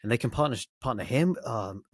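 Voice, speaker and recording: A man's voice: medium pitch, animated, fairly quick, dry recording, studio quality. A man co-hosting a casual football podcast, laid-back and trailing off mid-sentence. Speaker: podcast co-host.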